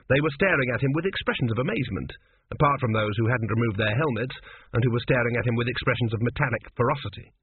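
A man's voice: medium pitch, slightly rough, dry recording. A man narrating a comic story in a dry, wry manner, reading as an audiobook narrator. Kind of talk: scripted narration with character voices. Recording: tinny phone-like recording.

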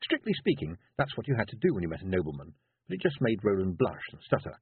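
A man reading a storybook aloud in an expressive, measured narration. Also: on the low side, slightly rough, no echo. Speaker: audiobook narrator. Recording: tinny phone-like dry sound.

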